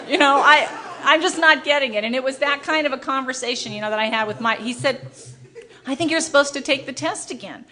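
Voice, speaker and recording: A middle-aged woman speaking at a recovery meeting, telling her story in an animated, self-mocking way and acting out the dialogue. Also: high voice, moderate pace. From United States. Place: meeting hall with a live audience.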